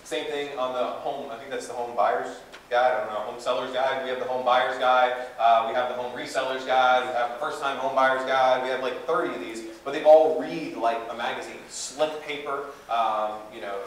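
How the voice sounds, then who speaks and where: A man giving a live seminar talk to an audience in a conference room, energetic and conversational with plenty of fillers and asides. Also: medium pitch, normal speed, few pauses. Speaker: guest speaker. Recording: echoey room from far off, faint hiss.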